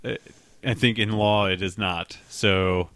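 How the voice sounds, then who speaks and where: A man hosting a podcast in casual banter. He teases his co-host in a dry, joking way, and his voice is smooth and clear. He is recorded close and dry on a studio mic. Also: lowish voice, steady tone, measured pace, fairly bright tone, dry recording.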